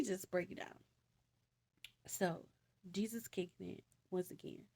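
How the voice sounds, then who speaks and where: Animated, slangy woman storyteller. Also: on the low side, slow, gravelly. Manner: animated, slangy, exasperated asides. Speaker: vlogger retelling Bible stories. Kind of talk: casual storytelling.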